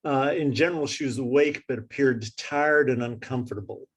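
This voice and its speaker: A man steadily lists physical exam findings in a brisk, matter-of-fact delivery. His voice sits at an ordinary middle pitch. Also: breathy edge. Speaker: case presenter. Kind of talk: reading a clinical case aloud.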